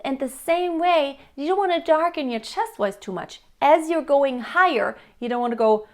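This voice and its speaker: A woman vocal coach with a high, light speaking voice, giving a singing lesson. She explains each point plainly and steps into quick sung examples to show what she means. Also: animated.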